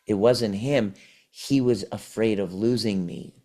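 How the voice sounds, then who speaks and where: Man, fairly low voice, podcast guest, healing coach, animated storyteller, acts out dialogue. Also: measured pace. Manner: animated, acts out the client's replies. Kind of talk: conversational storytelling.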